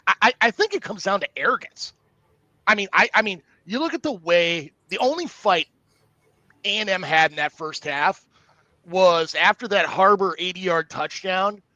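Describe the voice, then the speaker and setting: High-voiced, bright man talking football. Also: no room sound. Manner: animated, stammering restarts, blunt opinions. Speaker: co-host. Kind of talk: casual sports talk.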